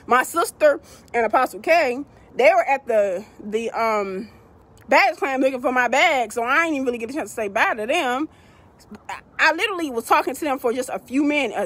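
A woman tells her viewers a travel mishap in a loose, chatty vlog style. Her voice sits high, and she swings into the voices of the people in the story as she talks. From United States. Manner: animated, addresses viewers as y'all, acts out quoted people. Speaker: vlogger telling a travel story.

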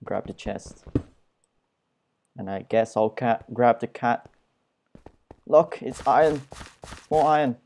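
A young man talks through his gameplay at an unhurried, drawn-out pace, his voice soft and mellow rather than bright. He delivers self-deprecating jokes and puns in a flat, low-key tone. A faint hiss sits under the home mic recording. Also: vocal fry. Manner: self-mocking, flat, pun-making. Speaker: Let's Play gamer. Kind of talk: casual gameplay commentary.

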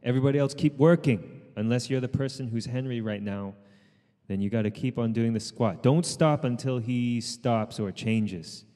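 A man leading an outdoor group workout as trainer, calling out counts and urging people on, with quick asides in Cantonese. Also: mid-range voice, in a large hall. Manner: shouted counting and encouragement, switching into Cantonese asides. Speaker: fitness trainer. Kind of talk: live workout coaching. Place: outdoors in the sun.

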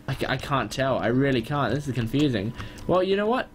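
Young male gamer host, excitable play-by-play, quick to frustration, medium pitch. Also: slight background noise. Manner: excitable, quickly frustrated, jumps high when upset. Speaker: gaming channel host. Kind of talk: gameplay commentary.

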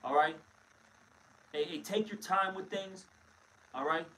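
A man's voice: high voice, unhurried, a bit bright, a little hiss or hum. A man teaching scripture in a blunt, emphatic way, often calling listeners "man", recorded from a distance.

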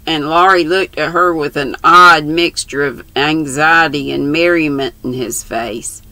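Slow gravelly older woman reading aloud. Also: deep voice, sharp tone, dry recording, rough recording. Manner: slow, stops to correct herself and mutter asides. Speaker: channel host reading aloud.

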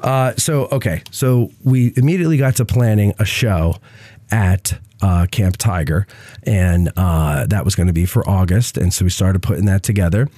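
Congested man hosting, low mellow voice. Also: normal speed, no echo. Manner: rambling, self-interrupting with many fillers. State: congested from a cold, coughing. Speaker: podcast host. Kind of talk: casual chat.

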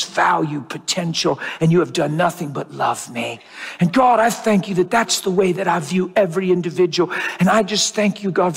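A man's voice: sits high, vocal fry, breathy edge. A man preaching a sermon, earnest and often restarting his words, building to fervent emphasis. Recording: long hall reverb.

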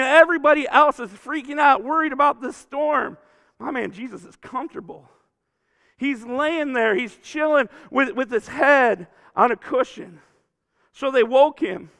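High-voiced gravelly pastor preaching. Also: male voice, long reverb tail. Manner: conversational preaching, swings from loud to hushed. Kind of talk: sermon. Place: church sanctuary.

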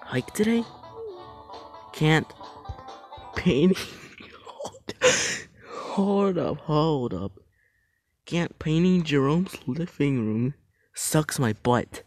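Giggly reader with lively pitch. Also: drawn-out words, pauses often, no room sound, soft background music. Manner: laughs often while reading; apologizes for laughing. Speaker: video creator. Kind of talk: reading funny texts aloud.

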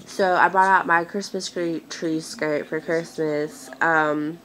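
A young woman in her twenties talks casually to her viewers, drawn out and very unhurried. Her voice sits a little low, and she rambles and vents with frequent pauses. She sounds close to tears throughout. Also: fairly even intonation, fairly bright tone, poor audio. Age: 20s. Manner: rambling, venting, hesitant with many fillers. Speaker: vlogger. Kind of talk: casual chat to camera.

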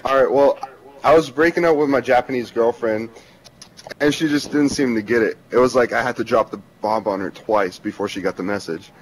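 A man in a game voice chat telling a joke slowly and with a lively delivery. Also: medium pitch, poor audio. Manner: slow, lively, laughs at his own joke. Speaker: player in voice chat.

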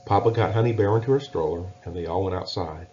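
A man reading a children's storybook aloud in a gentle, measured way. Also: low-pitched. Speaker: narrator. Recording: dull lo-fi recording.

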